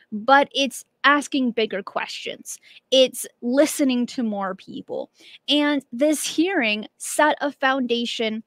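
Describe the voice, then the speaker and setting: Female stream host, higher voice, dry close sound, eager and conversational. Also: a bit bright, dry recording. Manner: enthusiastic, chatty. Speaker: show host. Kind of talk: casual live-stream chat.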